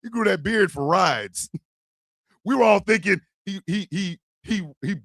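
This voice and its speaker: A man hosting a live talk stream, his voice a bit high and gravelly. He swings wildly up and down in pitch, often breaking into shouts and laughter. The sound is dry and close. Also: animated, measured pace, no echo. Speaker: streaming show host. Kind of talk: live talk show monologue.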